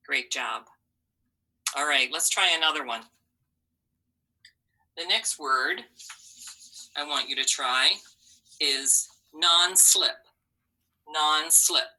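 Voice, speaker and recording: A woman teaching a phonics lesson to young children, slowly sounding out letters and syllables with encouraging praise. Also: low-pitched, bright, forceful tone, breathy edge, low-quality recording.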